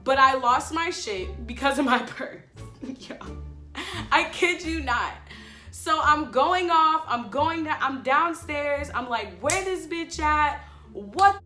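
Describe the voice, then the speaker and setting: A woman vlogger telling a story in a casual, animated way, swearing freely and talking to her viewers directly. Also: high-pitched, takes it slowly. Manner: animated, chatty, addresses viewers as y'all. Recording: echoey room, faint music.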